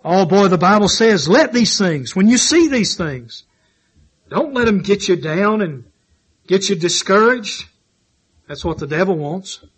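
A man's voice: sits high, sing-song, unhurried, breathy edge. A man preaching a sermon in church, fervent and repetitive, stressing his points as his voice rises and falls. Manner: fervent, repetitive exhortation with rising and falling emphasis.

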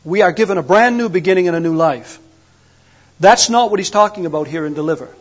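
A man's voice: high-pitched, animated, quick pace, lo-fi sound. A man preaching a sermon with fervent, rising and falling emphasis.

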